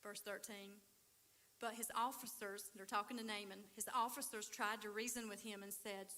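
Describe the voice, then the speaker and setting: A woman giving a conversational sermon at a church recovery ministry, telling Bible stories with animated, acted-out dialogue. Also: a little high, normal speed. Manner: animated storytelling, acts out biblical characters.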